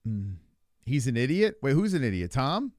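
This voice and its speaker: A man co-hosting a casual podcast, talking in an animated, profane and rambling way. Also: medium pitch, normal speed, dry recording, clean studio sound. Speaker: podcast co-host. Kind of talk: casual chat about fights.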